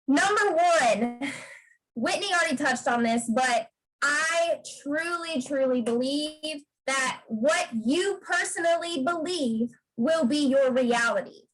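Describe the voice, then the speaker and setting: Casting note: high-pitched woman, emphatic motivational speaker on a video call. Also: fairly bright tone, poor audio. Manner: emphatic, repeats "okay?" to drive points home. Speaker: guest speaker on a sales team video call. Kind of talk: motivational pep talk.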